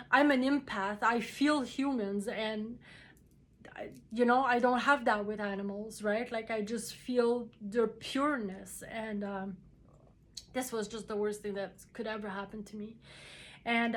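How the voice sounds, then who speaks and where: Woman, casual first-person storytelling, halting delivery with many fillers, slightly higher pitch. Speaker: vlogger telling a personal story.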